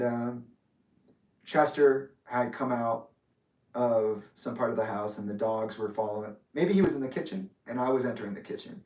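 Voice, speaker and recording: A man's voice: medium pitch, a little mellow. A young man telling a personal story in an emotional monologue, getting heated and swearing as he vents. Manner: angry, heated, swearing, acts out quoted arguments. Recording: roomy echo, voice a bit distant from mic.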